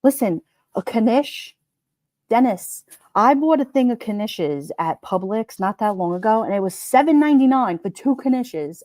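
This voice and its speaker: A middle-aged woman with a New York Italian accent hosts a relaxed livestream, greeting viewers by name and riffing on their comments. She talks in a mellow, warm tone, and her voice sits close and dry on the mic. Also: a little high, a little slow, no room sound. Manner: chatty, wisecracking, laughs often. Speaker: livestream host. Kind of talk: casual live chat reading comments.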